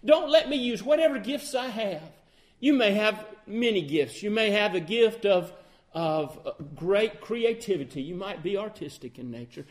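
High-voiced man preaching a sermon. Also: animated, moderate pace. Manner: emphatic, swinging between loud outbursts and quiet low phrases.

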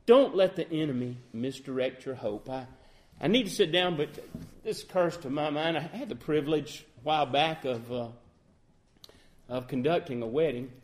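Male preacher, sermon delivery, higher-pitched voice, earnest with emphatic swells and quiet reflective stretches. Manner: earnest, rising to emphatic peaks then quieting to soft reflection; quotes King James scripture in measured cadence.

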